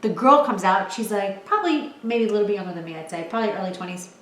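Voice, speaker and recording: A woman in her twenties telling stories from home in a casual chat, animated and laughing, with lots of filler "like". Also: mid-range voice, fast. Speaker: vlogger, storyteller. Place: at home, in a room. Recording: roomy echo.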